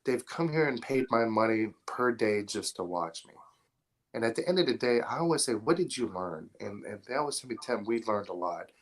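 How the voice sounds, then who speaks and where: A man's voice: fairly low pitch, expressive, moderate pace. A man as a podcast guest, talking bluntly and profanely in casual chat, rambling through stories. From Atlanta area, US. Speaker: podcast guest, film installer.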